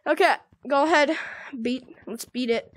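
A woman hosting a gaming video, giving excitable gameplay commentary and often squealing, laughing and shouting playfully. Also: sits high, moderate pace. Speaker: gaming channel host.

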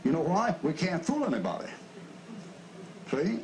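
A man preaching a fiery pulpit sermon, yelling and growling at his listeners in a blunt, mocking way. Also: fairly high pitch, huge pitch swings, moderate pace, slight background noise, poor audio.

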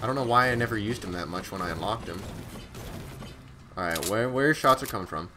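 Excitable young gamer streaming live. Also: male voice, lowish voice, brisk, background noise. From Scotland. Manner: excitable, slangy gamer chatter with sudden outbursts. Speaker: game streamer. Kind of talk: live gameplay commentary.

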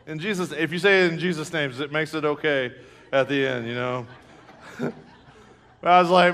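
A man, preaching a sermon with lively storytelling and acted-out reactions. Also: fairly high pitch, measured pace, pauses often. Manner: storytelling, animated, acts out his own reactions; laughs through jokes. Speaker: pastor.

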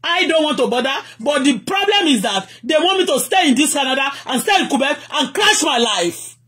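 A man's voice: very high-pitched, sing-song, fairly quick, bright, forceful tone. A Nigerian man, a native Yoruba speaker, venting angrily in a live rant, repeating himself and switching between English and Yoruba. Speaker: vlogger.

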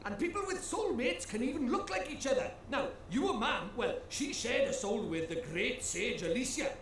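A man's voice: very high-pitched, lively intonation, normal speed, a bit bright, very echoey, slight background noise, heavily acted. An actor playing a cheeky, boastful male fairy lord, chatty and folksy in a video game. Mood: explaining. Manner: cheerful, folksy, calls people lad. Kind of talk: game voice acting.

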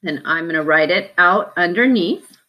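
Woman teacher, bright clear tone, lowish voice, patient spelling lesson, sounds out syllables. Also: expressive, normal speed. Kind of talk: spelling lesson to young students.

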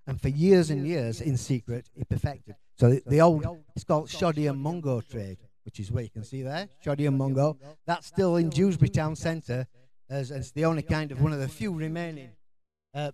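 A man's voice: medium pitch, warm tone. A middle-aged Yorkshire man gives a conference talk in a chatty, informal way. He rambles, restarts his sentences and fills gaps with ums and uhs. His Yorkshire accent is plain throughout. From Yorkshire, England. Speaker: conference speaker.

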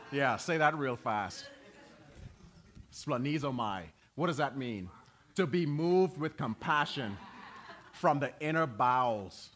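A male pastor preaching a sermon to his congregation, swinging between loud, emphatic preaching and quiet, low asides. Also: a little hiss or hum. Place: church.

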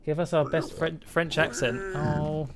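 A man's voice: on the high side, little pitch movement, unhurried, background noise. A man live-streaming gameplay, chatting playfully, mocking himself and talking to the game creatures and his viewers. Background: game music.

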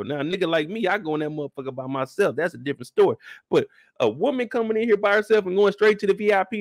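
A man's voice: high-pitched, fast, gravelly, no echo, clean studio sound. A man ranting about a show in blunt, profane talk, acting out the scenes as he goes. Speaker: show reviewer.

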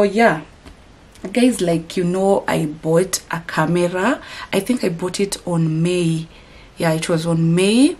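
A woman from Kenya vlogging to her camera, upset and rambling with restarts. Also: fairly low pitch. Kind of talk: casual vlog to camera. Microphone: camera mic.

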